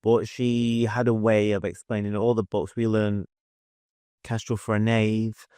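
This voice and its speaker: A man with a lowish voice talks as a podcast guest, recounting a memory with earnest hesitations. The recording is dry and close, with no room sound. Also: flat delivery, a little slow, dark tone, clean tone, dry recording. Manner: earnest storytelling, hesitant, with fillers. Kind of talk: casual interview chat.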